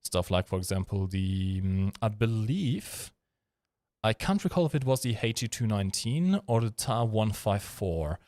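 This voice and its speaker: A man with a lowish voice hosts a casual live stream and rambles through jokes and chat questions. He fills gaps with ums and uhs. The sound is dry and close, with no room echo. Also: big pitch swings, measured pace, a little mellow. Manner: joking, rambling, with frequent fillers.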